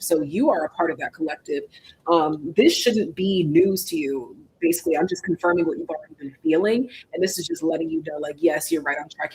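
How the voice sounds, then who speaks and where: A tarot reader on a live stream, talking lively and sassy straight to viewers and calling them baby and darling, jumping between high and low. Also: husky, rough recording.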